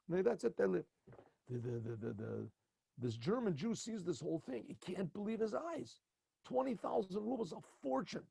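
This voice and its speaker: Gravelly rabbi telling a story. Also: male voice, a little high, no echo. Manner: animated, with many stumbles and repeated words. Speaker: rabbi teaching at a yeshiva.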